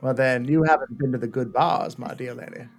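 A man playing his tabletop character, gruff and grumbling in old-fashioned speech, with faint guitar music behind. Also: mid-range voice, steady tone, brisk. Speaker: player voicing a grumpy adventurer. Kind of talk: in-character tabletop role-play.

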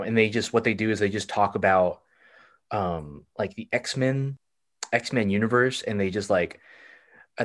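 A man hosting a casual podcast chat, enthusiastic but halting, often restarting his sentences. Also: on the low side.

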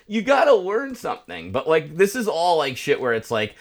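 A man's voice: fairly high pitch, huge pitch swings, brisk, few pauses. A man co-hosting a casual podcast, ranting with exasperation and swearing. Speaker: podcast co-host. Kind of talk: casual chat.

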